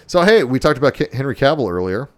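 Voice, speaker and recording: A man's voice: mid-range voice, very animated, quick pace, fairly bright tone. A man from Minnesota co-hosting a podcast, rambling through entertainment news in casual, profane chat with chuckles. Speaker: podcast co-host.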